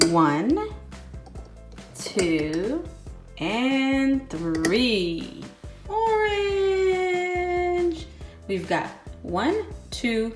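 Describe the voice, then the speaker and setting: A young woman hosting a children's toy video, talking in a sing-song, excited way and counting slowly. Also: on the high side. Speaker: kids' toy video host. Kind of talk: children's toy play narration. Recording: echoey room, faint music.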